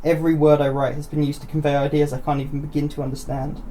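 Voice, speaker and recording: A man hosting a podcast and reading short pieces of writing aloud in a measured, reflective way. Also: fairly high pitch, level tone, warm tone, slight background noise. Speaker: podcast host reading stories.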